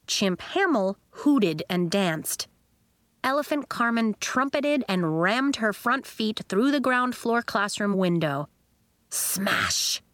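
In a smooth, mid-range voice, a woman performs a children's audiobook with plenty of expression, creating a separate voice for each character. No echo can be heard.

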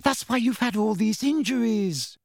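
A man voicing an anxious, clever teenage girl who turns shrill and sarcastic when upset. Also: animated, normal speed, dry recording, clean studio sound.

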